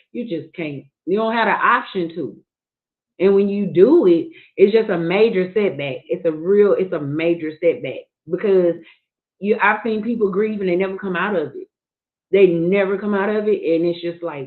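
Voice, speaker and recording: A woman speaking earnestly and frankly in candid casual talk, often restarting her sentences. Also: medium pitch. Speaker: livestream guest sharing her grief. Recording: tinny phone-like line.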